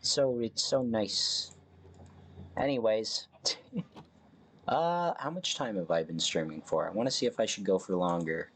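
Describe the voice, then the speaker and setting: A man's voice: on the low side, a little slow, long pauses, fairly bright tone, slight background noise. A man streaming a survival game, chatting casually and correcting himself as he rambles. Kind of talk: casual live game commentary.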